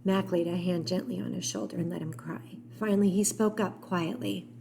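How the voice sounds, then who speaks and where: A woman narrating an audiobook in a calm, steady storytelling manner. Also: lowish voice, moderate pace, creaky, a little hiss or hum.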